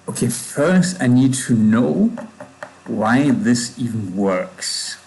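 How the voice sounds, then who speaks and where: A man's voice: mid-range voice, expressive, takes it slowly, creaky, a little mellow, poor audio. A man with a German accent, casually thinking aloud while coding on a livestream, with hard consonants. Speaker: livestreaming programmer.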